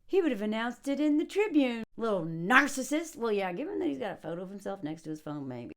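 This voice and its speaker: Female film vlogger, mocking and conversational, high, very animated delivery. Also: fast, few pauses. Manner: sarcastic and mocking; chatty, full of likes and ums. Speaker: movie reviewer. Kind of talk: casual commentary.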